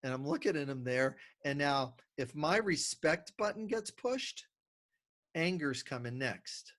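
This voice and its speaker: His voice is on the high side and unhurried. As a guest on a podcast, this middle-aged communication consultant talks through ideas and brings his anecdotes to life by performing small exchanges of dialogue.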